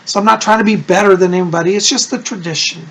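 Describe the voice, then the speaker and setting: A man chatting to camera as a psychic and Wiccan high priest, gushing and rambling from one aside to the next. His voice is gravelly with a husky, breathy edge. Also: fast. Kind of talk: casual chat to camera.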